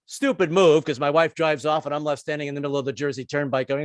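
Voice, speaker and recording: A man's voice: on the high side, steady tone, fast talker, few pauses, dry recording, studio quality. A man in his sixties doing a stand-up comedy set, rambling and self-deprecating with stammered restarts. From United States. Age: 60s.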